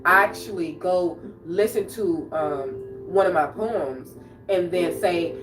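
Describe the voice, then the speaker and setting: A woman's voice: lowish voice, slow. A woman poet hosting a livestream, speaking rawly and confrontationally and repeating phrases as she talks to her viewers. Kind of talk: emotional livestream monologue. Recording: roomy echo, distant mic, music behind.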